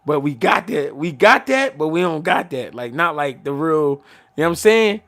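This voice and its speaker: This show host from Philadelphia, USA, has a slightly high, gravelly voice and talks at normal speed. He tells casual stories in an animated, slangy, profane style, restarting sentences often.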